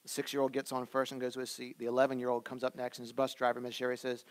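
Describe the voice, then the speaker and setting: A man in his thirties, a pastor preaching a sermon in a conversational way, swinging between loud emphatic lines and soft, quiet asides. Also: mid-range voice, fast, few pauses.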